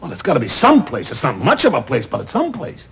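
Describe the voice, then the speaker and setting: An actor playing a middle-aged theatrical agent, loud, sardonic and self-pitying, in a 1970s TV drama. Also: male voice, mid-range voice, huge pitch swings, quick pace, gravelly, husky, heavily acted. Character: loud, bitter, wisecracking male theatrical agent. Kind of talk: 1970s television drama acting.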